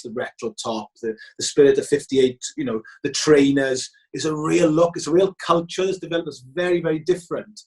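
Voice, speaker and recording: A man's voice: on the high side, low-quality recording. A Welsh man telling football-trip stories in casual chat, acting out the voices of the people he quotes. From Wales. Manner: animated, acts out quoted voices. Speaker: guest.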